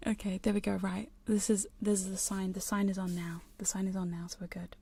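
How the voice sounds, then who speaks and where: A woman chatting in a soft, giggly whisper on a live hypnosis ASMR stream, close to studio mics in her home studio. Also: mid-range voice, level tone, normal speed, creaky, breathy edge. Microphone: studio condenser and binaural mics.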